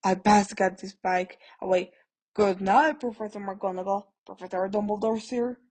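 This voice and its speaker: A woman voicing Hagrid, a huge, shaggy, soft-hearted male half-giant, talking in a gruff and tearful way. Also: mid-range voice, normal speed, natural voice. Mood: choked up.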